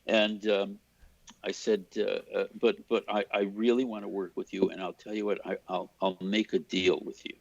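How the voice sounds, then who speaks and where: Older guy, gravelly, dry dull sound, animated storyteller doing voices. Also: lowish voice, normal speed, no room sound. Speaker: cinematographer guest. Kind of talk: storytelling in an interview.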